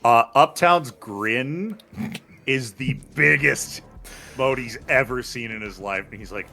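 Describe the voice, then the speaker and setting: A man's voice: medium pitch, a little slow, sharp tone, soft background music. A man playing a tabletop role-playing game, casually describing what his character does, with some swearing. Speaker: player.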